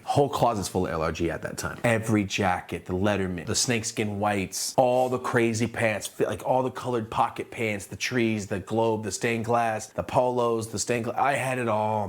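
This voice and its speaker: Lively storytelling man, low voice. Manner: animated, slangy, acts out other people's lines with sudden jumps in pitch. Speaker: streetwear brand owner telling a story. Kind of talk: casual storytelling.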